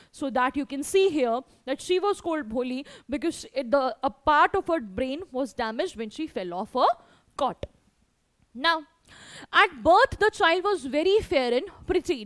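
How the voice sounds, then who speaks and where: High-voiced Indian English woman teaching. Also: no room sound. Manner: repeats points, many fillers like "you know". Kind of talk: explaining a story to students.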